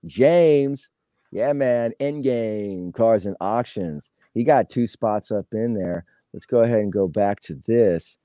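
A man's voice: on the low side, slow, warm tone, dry recording, studio quality. A laid-back man hosting a live card box break, chatting casually in slang. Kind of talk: casual live-stream chat.

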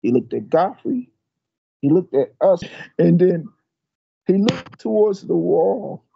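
Gravelly older man telling a story. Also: high-pitched, slow pace, no room sound, dull audio. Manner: animated storyteller, restarts and repeats words. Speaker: martial arts master. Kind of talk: storytelling interview.

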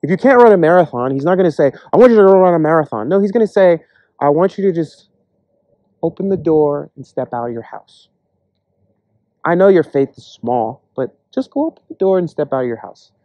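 A man preaching a casual, earnest sermon, acting out imagined voices in quick asides. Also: on the high side, lively intonation, no echo, muffled recording.

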